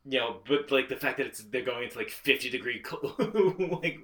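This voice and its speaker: A man's voice: medium pitch, lively intonation, moderate pace, fairly bright tone. A man co-hosting a casual movie podcast, rambling with lots of fillers and swearing. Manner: rambling, filler-heavy, profane. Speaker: podcast co-host.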